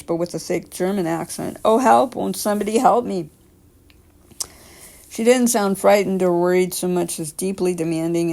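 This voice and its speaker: A woman around forty with a scratchy, raspy throat, reading creepy stories aloud with chatty asides. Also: fairly low pitch, dark tone. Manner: chatty asides, filler-laden. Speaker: story reader.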